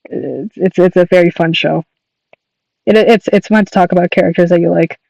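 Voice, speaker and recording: A man's voice: high voice, fairly even intonation, moderate pace, vocal fry, darkish tone, dry recording, low-quality recording. A man chatting on his livestream, rambling enthusiastically with lots of fillers and restarts. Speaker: streamer and artist. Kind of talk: casual livestream chat.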